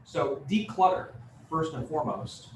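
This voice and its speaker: A man's voice: fairly high pitch, animated, a little slow. A man giving a live real estate training talk, conversational and joking, with many fillers. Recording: roomy, distant mic with room noise.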